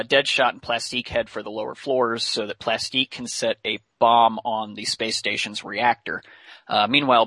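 A man's voice: mid-range voice, sharp tone, dry recording, rough recording. A man hosting a podcast and recapping a cartoon episode in casual chat. He talks chattily, laughs often and uses many fillers.

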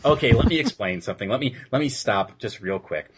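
A man's voice: lowish voice, animated, a little fast, background noise. A man co-hosting a podcast, retelling an episode in a loose, rambling way with many fillers. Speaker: podcast co-host reviewing episodes. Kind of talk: casual chat.

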